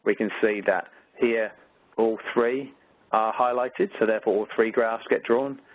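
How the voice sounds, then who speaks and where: A man's voice: fairly low pitch, steady tone, unhurried, slight background noise. Chatty Australian man teaching over a tinny line. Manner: chatty, many fillers, upbeat about the material. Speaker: maths teacher presenting a webinar. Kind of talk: conversational teaching walkthrough. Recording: tinny phone-like webinar audio, dry.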